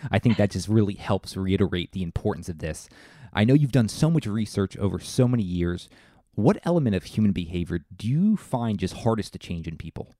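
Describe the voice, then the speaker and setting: A man's voice: deep voice, warm tone, no room sound, studio quality. A man hosting a podcast interview, asking questions with small restarts. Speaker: podcast host.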